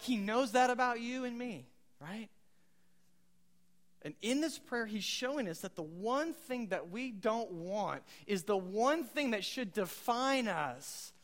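His voice notably high, a pastor delivers a relaxed, chatty sermon full of questions to the congregation and quoted one-liners. Everything he says rings out with lengthy reverb from the large church hall.

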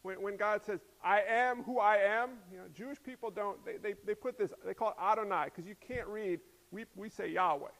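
Man, pastor, high voice, casual joking sermon, long hall reverb. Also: brisk, gravelly, few pauses, fairly bright tone. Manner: conversational preaching with humorous asides.

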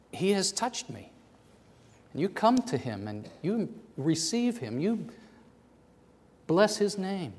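A man preaching a sermon in a church, moving between loud, fervent passages and hushed near-whispers. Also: on the high side, breathy edge. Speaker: pastor. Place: church sanctuary. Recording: long hall reverb.

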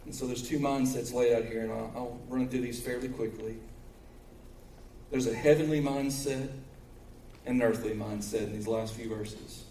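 A pastor with a Kentucky accent, preaching a sermon in a folksy way that swings between loud preaching and quiet storytelling. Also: male voice, medium pitch, fairly even intonation, moderate pace, reverberant, recorded from a distance, a little hiss or hum, rough recording. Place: church sanctuary.

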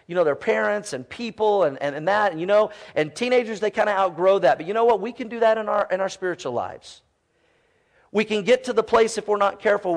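A man in his forties, a pastor preaching a sermon in a church, animated and often quoting children's voices. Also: sits high.

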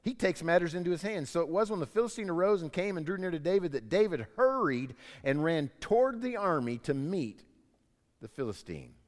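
A man preaches in an animated storytelling way, slipping into character voices for his anecdotes. His pitch sits a little high and swings widely. The sound carries a long reverb from a large church hall. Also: fairly quick. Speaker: pastor. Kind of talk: sermon.

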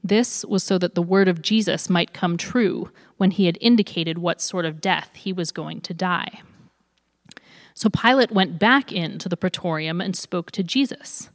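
A woman reading a long scripture passage aloud in clear, even narration. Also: on the low side, measured pace. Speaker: scripture reader. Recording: long hall reverb.

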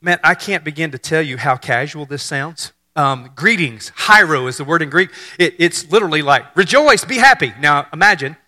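A man's voice: a little high, moderate pace, hardly any pauses, pushed and bright. A man, preaching a sermon in a conversational way and joking with the congregation. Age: 50s. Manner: conversational, repeats words on restarts, jokes with the congregation. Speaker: pastor.

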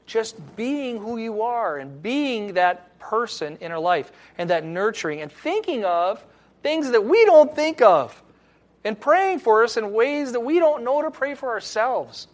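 A man's voice: extremely high pitch, very animated, measured pace. A middle-aged male pastor giving an earnest, reflective sermon with personal stories.

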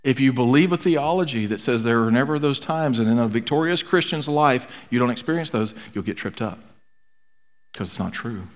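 Male pastor, mid-pitched, earnest sermon delivery with repeated emphasis; reverberant church hall. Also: animated, a little fast. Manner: earnest preaching with emphatic repetition.

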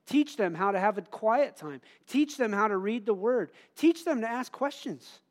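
A man's voice: high voice, lively intonation, moderate pace. A middle-aged man preaching a sermon in an earnest, conversational way, laughing at himself now and then.

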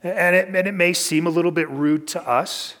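A man preaching a sermon in a relaxed, conversational teaching style, working through a scripture passage. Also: sits high, moderate pace. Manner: conversational teaching, reads scripture aloud, varied pacing. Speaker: pastor. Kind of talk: expository sermon.

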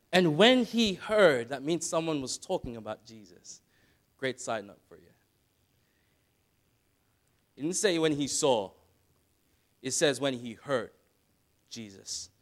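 A man preaching a sermon, dropping to quiet asides and then building to loud, dramatic retellings. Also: a little high. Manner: dramatic, swings from soft asides to shouted retellings.

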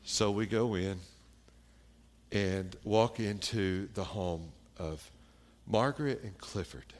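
A man preaching a sermon, telling a personal story in a slow, plain-spoken way with pauses and fillers. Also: lowish voice.

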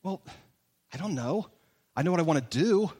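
High-voiced pastor in a reverberant church. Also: male voice, animated, moderate pace, mellow, breathy edge. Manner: conversational and emphatic, full of direct rhetorical questions. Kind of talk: sermon. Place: large church hall. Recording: long reverb of a large church hall.

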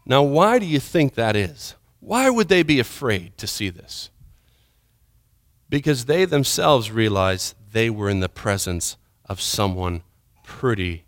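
A man preaching a sermon, retelling a scripture story with dramatic swings from urgent, loud passages to hushed, quiet ones. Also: fairly low pitch, dry recording, clean studio sound.

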